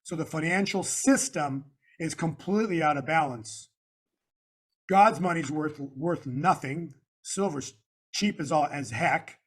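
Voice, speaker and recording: A man's voice: on the high side, a little slow, husky. A man being interviewed, walking through slides in an emphatic, repetitive, preacher-like way. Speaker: guest analyst.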